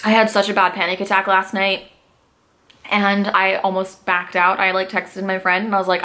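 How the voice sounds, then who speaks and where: A young woman talks straight to her camera in an open, emotional vlog, filler words and swearing slipping in as she goes. Her voice is bright and forward, with a crisp, lifted edge. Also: mid-range voice, monotone, normal speed. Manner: emotional, candid, swears freely, frequent "like". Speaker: vlogger. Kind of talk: casual vlog talk to camera.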